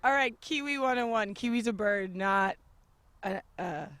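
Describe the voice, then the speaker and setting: A woman from Canada doing a playful, teasing sideline interview outdoors, with jokey loud bursts. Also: mid-range voice, measured pace, clear, resonant tone, no room sound. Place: outdoor sports complex.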